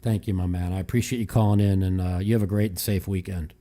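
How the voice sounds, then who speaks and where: A man's voice: low voice, steady tone, fast, dark tone. A man hosts a casual call-in podcast in a heated, profane style. He rambles, repeats himself and trips over his own starts as he talks. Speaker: podcast host. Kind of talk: casual call-in chat and rant.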